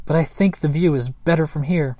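A small, fearful but boastful little male creature from a storybook, puffed up with pride and a touch pompous, as a male narrator voices him. The voice is a bit raised and brighter than plain narration. It is recorded dry and close. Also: on the high side, brisk, dry recording, voice pushed up, natural voice. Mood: defensive.

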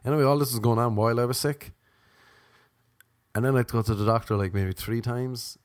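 An Irish man with a cold, hosting a podcast and telling a rambling comic story with sarcastic, deadpan asides. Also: medium pitch, brisk, no echo, studio quality. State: sniffly with a cold.

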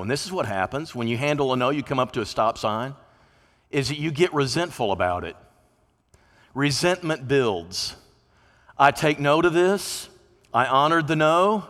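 This preacher's voice sits on the high side with a slightly bright quality. Speaking from the pulpit of a church sanctuary, he keeps things folksy and conversational, occasionally performing the voices of those he quotes, all wrapped in the long reverb of the hall.

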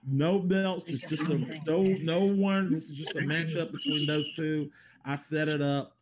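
Rambling casual podcast host. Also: male voice, fairly high pitch, steady tone, measured pace, lo-fi sound, background noise. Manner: rambling, loose and laughing, casual swearing. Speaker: podcast co-host doing plugs.

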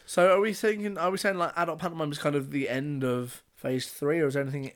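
Man, teasing host, bright voice, fairly high, lively, playful wisecracks. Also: fast. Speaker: podcast host interviewer. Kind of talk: casual chat.

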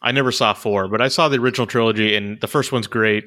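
A man's voice: lowish voice, steady tone, fast talker, bright, forceful tone. A man co-hosting a casual movie chat, rambling with lots of fillers and restarts. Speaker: podcast co-host reviewing movies.

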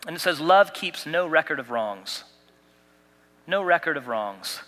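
A man's voice: on the high side, animated, a little slow, pushed and bright, big-room sound. A man pastor delivering a sermon, preaching with emphatic repetition and light humor. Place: church sanctuary.

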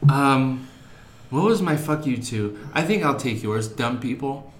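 A man's voice: medium pitch, a little slow. A man, a teacher of young children, chatting casually as a podcast co-host and telling anecdotes with swearing and acted-out voices. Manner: animated storyteller, acts out voices in anecdotes. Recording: echoey room with faint ambience.

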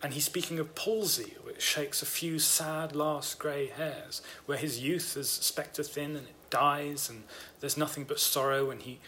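A man's voice: on the high side, steady tone, unhurried, few pauses, bright, forceful tone, a little hiss or hum. A man co-hosting a casual podcast about books, explaining his ideas at length with eager enthusiasm. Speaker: podcast co-host.

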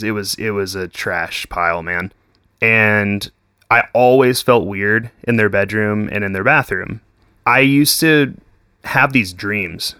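A man's voice: fairly low pitch, sharp tone, clean tone, no room sound. Dude in his 20s rambling, lots of like and cussing, dry close sound. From Texas. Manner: swears constantly, says "like" and "dude" a lot. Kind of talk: casual chat.

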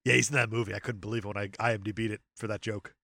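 A man's voice: fairly low pitch, fairly even intonation, very fast, vocal fry, pushed and bright, dry recording, studio quality. A man co-hosting a podcast, riffing jokes about a film and putting on sassy character voices. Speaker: podcast co-host. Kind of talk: casual movie recap chat.

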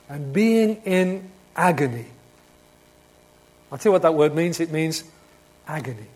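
Male preacher delivering a sermon; slightly raised pitch, alternates loud emphasis with quiet, intimate asides. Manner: swings from emphatic proclamation to hushed, quiet reflection; asks rhetorical questions of the congregation.

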